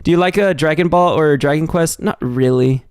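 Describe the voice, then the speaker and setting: A man's voice: on the high side, normal speed, a little mellow, smooth. A young man from Texas streaming live, chatting loosely and reading viewer messages, rambling with lots of fillers and restarts.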